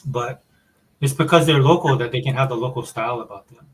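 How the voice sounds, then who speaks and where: A man from Hawaii with a Hawaiian accent, chatting casually as a podcast co-host in a relaxed, rambling way. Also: medium pitch, a little fast, rough recording. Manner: laid-back, rambling explanations. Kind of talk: casual chat.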